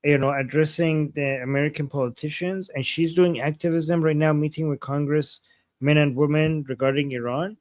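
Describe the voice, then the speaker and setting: A man co-hosts a live stream in a loose, rambling way and keeps restarting his thoughts. His voice sits a bit high. It is recorded close and dry, with no room sound. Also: steady tone, normal speed, dry recording. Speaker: co-host of a live analysis stream. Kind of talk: casual live-stream chat.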